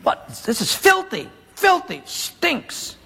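A proud, furious general grumbles and sputters in disgust, as a preacher puts him on. The voice swings widely in pitch and rings through a large reverberant hall. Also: male voice, very animated, slow pace, sharp tone, breathy edge, full character voice. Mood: exasperated. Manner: grumbling, exasperated.

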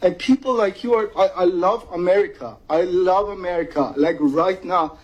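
A man's voice: high voice, moderate pace, a little mellow, husky, lo-fi sound. A man from Iran giving an urgent, emotional public comment, repeating himself and close to tears. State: near tears.

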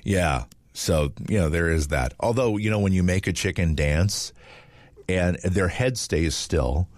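A man's voice: low-pitched, unhurried, no echo. A middle-aged man hosting a morning radio show, chatting casually and laughing easily as he rambles. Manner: chuckling, rambling, easygoing.

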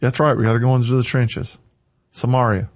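A man preaching a sermon, forceful and emphatic, hammering points home by repeating them. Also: mid-range voice, fairly even intonation, brisk, dull audio.

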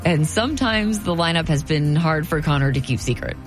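A woman reporter giving measured, scripted narration for a feature segment. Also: low voice, lively intonation, faint music behind.

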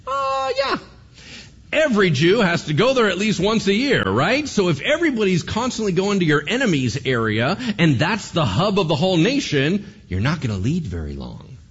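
A male pastor preaches with a husky, slightly rough voice that leaps wildly up and down in pitch. He keeps firing rhetorical questions at his congregation. The recording sounds dull and lo-fi. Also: wildly swooping pitch, fairly quick, few pauses. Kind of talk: sermon.

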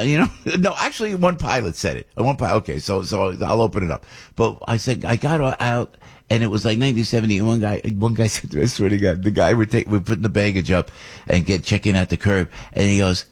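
A man's voice: on the low side, breathy edge. An older man, host of a talk show, telling a rambling story in casual chat with many restarts and asides.

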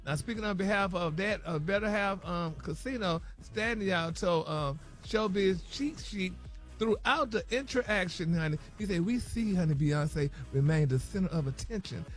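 A man's voice: sits high, normal speed, soft background music. A man presenting a celebrity gossip segment on a radio morning show, dramatic and peppering every line with "honey" and "y'all". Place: radio studio.

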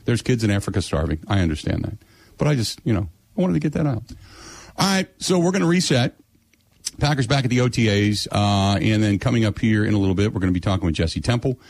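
A man's voice: fairly low pitch, animated, quick pace, darkish tone, no room sound. A middle-aged man hosting sports radio, telling a story in blunt, sarcastic, exasperated casual chat.

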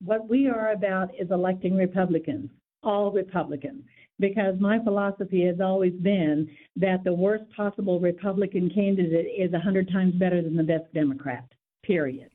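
A woman's voice: lowish voice, moderate pace. A woman guest on a radio interview, speaking steadily and laying out volunteer details one after another. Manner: steady, informative, lists details. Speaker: guest, local party volunteer organizer. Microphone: telephone. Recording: tinny phone line.

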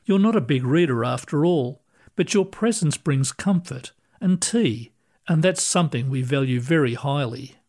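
A man voicing a kindly older male ghost who explains things patiently and gently. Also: a little high, lively intonation, moderate pace.

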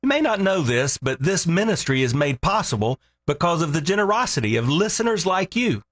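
A man's voice: a little high, very animated, fairly quick, fairly bright tone. A male pastor reading a scripted radio appeal for donations in a friendly, earnest way. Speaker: lead pastor. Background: faint music bed.

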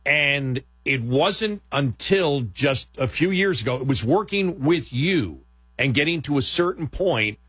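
A man's voice: a little high, animated, a little slow, fairly bright tone, breathy edge, dry recording. A middle-aged man, a radio host and podcaster, chatting casually, rambling and laughing as he quotes himself. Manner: rambling, laughing, self-quoting.

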